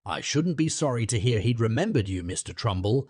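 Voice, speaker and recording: A man's voice: medium pitch, lively intonation, fairly quick, a little mellow, slightly rough, no room sound, studio quality. A man reading the part of a blunt, grumbling older countryman in an audiobook. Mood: grudging.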